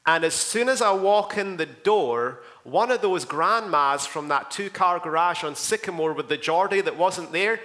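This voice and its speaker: A Scottish pastor tells outreach stories in a rambling, jokey way and turns to his listeners with asides. His voice sits high for a man, bright and a little sharp. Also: lively intonation, moderate pace, few pauses. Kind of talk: anecdotal church outreach report.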